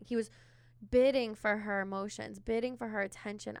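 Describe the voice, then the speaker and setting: A woman's voice: mid-range voice, steady tone, normal speed, gravelly, clean tone, dry recording. A woman therapist co-hosting a podcast, chatting casually and filling her talk with "like" and "you know.". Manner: conversational, many filler words.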